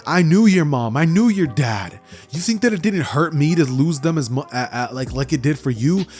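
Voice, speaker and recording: Picture an earnest young ninja boy pleading hard with his friend, a man putting it on in a lifted, higher voice. The lines come out impassioned and straining upward. It plays as a casual fan role-play, with a faint trace of music underneath. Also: lively intonation, normal speed, close to an everyday voice. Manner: impassioned, pleading, rising to near shouts.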